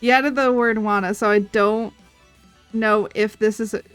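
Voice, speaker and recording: A woman's voice: mid-range voice, steady tone, measured pace, clean tone. A woman chatting casually on her art livestream, rambling and giggling as she retells stories. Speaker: streaming artist. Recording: faint background music.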